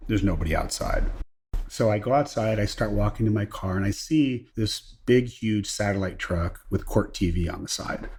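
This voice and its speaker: A man's voice: on the low side, moderate pace, a little mellow, slight background noise. A middle-aged man, a guest on an interview show, telling an anecdote casually and acting out the voices of the people he quotes. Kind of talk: casual storytelling.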